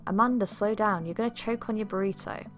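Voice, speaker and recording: A woman's voice: medium pitch, quick pace, soft background music, voice pushed up, natural voice. A woman voicing a teasing, sentimental single father in a dating game. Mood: fatherly. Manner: warm, teasing, easily moved. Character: doting, sentimental single dad.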